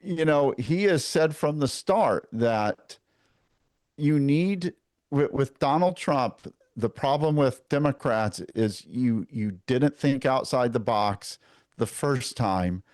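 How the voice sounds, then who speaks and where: Measured man, dry close voice. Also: medium pitch, animated, darkish tone, no echo. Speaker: guest, podcast host. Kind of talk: casual political chat.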